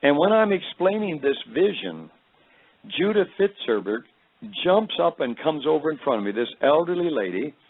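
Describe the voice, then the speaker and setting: A man giving a personal testimony, telling his story in a halting, rambling way with many fillers, his voice deep and tired tonight. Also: big pitch swings, no echo. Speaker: speaker recounting a vision. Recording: phone-like radio broadcast.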